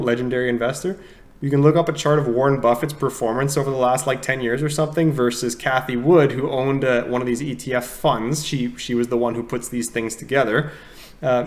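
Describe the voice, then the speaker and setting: Man, podcast co-host, casual explainer, mid-pitched voice. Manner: explains step by step, tags points with "okay?".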